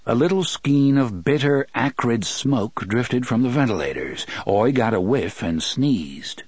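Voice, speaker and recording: A man reading an audiobook in a steady, measured narration. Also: mid-range voice, slightly rough, dry recording. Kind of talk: scripted narration.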